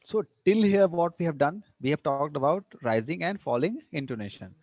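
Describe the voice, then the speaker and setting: In a dry recording with the highs cut off, a man with a slightly high, somewhat mellow voice lectures online as a university English teacher. At a normal speed and with lively intonation, he patiently repeats examples, exaggerating his pitch swings and often saying "you know" and "see."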